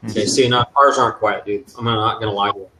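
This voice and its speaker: A man's voice: fairly low pitch, fairly even intonation, fast, sharp tone, low-quality recording. A man in his thirties chatting loosely about mufflers and exhaust setups, joking as he goes. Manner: loose, joking, rambling car talk. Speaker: muffler maker guest. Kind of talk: casual live show chat.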